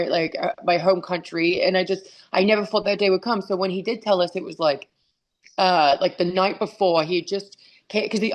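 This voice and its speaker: A woman, a guest talking candidly and casually, full of fillers and restarts, over a video call. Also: on the low side. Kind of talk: casual interview chat.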